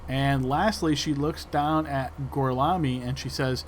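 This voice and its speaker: A man running a tabletop game as game master, narrating in a relaxed way with fillers. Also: mid-range voice, a little slow, hardly any pauses. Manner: relaxed, describing actions with fillers.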